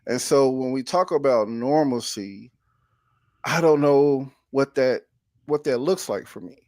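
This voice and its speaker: Halting, vulnerable man on a podcast. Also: medium pitch, darkish tone, dry recording, studio quality. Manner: halting, restarts often, openly vulnerable. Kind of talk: casual conversation.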